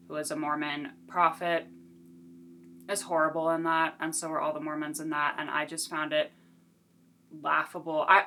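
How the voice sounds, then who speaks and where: A woman's voice: low-pitched, bright, forceful tone, slight background noise. A woman chatting casually through a book review, giggly and self-deprecating.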